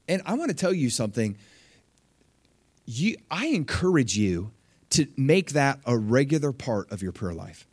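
A young man preaching a sermon in a conversational, animated way, acting out quotes and asking the congregation questions. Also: normal speed, long pauses, husky, no room sound. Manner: animated, conversational, acts out quotes with big pitch leaps.

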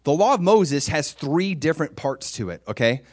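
A man preaching a sermon in a conversational, animated way, swinging from loud exclamations to hushed, near-whispered lines and acting out quoted voices. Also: a little high, moderate pace. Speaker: pastor.

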